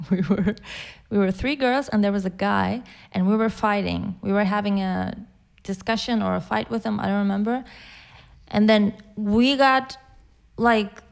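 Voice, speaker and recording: A woman's voice: a little high, gravelly. A young woman hosting a casual podcast chat who laughs and swears through her own stories. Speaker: podcast host.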